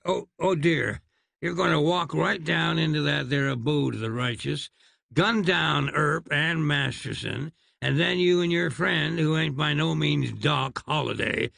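Guy putting on a sly old west cowboy, drawly and gravelly, dry sound. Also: on the high side, unhurried, pushed and bright, no echo, heavily acted. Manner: drawling folksy slang. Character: sly scheming frontier cowboy, middle-aged man.

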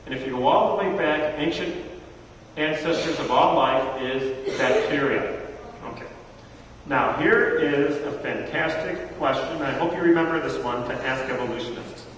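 A man in his thirties teaching a church audience, an animated storyteller who acts out the voices in his stories. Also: fairly high pitch, moderate pace, a little hiss or hum. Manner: animated storyteller acting out dialogue. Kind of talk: lively talk to a live audience. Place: large hall with audience. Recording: echoey hall from far off.

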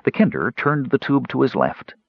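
A man narrating a fantasy audiobook in a dramatic, animated storytelling manner, in a dull lo-fi recording. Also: medium pitch, normal speed, creaky, breathy edge, no echo.

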